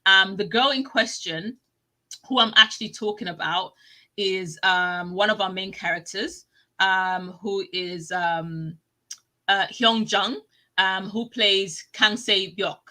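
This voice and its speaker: A woman hosting a live online show, chatting casually and telling stories excitedly, often breaking into laughter. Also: medium pitch, slow pace, low-quality recording. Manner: excitable, animated storytelling with laughs. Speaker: talk show host. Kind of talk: live casual TV review chat.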